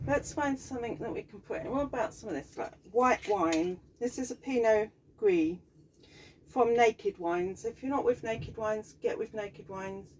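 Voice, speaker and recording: A woman's voice: fairly high pitch, a little mellow. Chatty English woman, distant mic. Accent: Southern English. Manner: chatty, rambling, easygoing asides. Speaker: piano teacher and home cook. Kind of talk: casual cooking vlog. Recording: distant mic, faint background noise.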